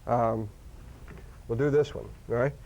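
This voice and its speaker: Animated male seminar speaker, dull lo-fi sound. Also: medium pitch, unhurried. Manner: animated, with sudden loud outbursts and many restarts. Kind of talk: live seminar talk to an audience. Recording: dull lo-fi recording.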